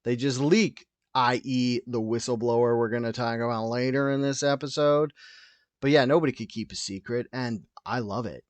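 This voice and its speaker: A man hosting a solo podcast, rambling through tangents with lots of swearing, loud and wired on coffee. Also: medium pitch, moderate pace, no room sound. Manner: rambling, tangent-prone, profane. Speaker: podcast host.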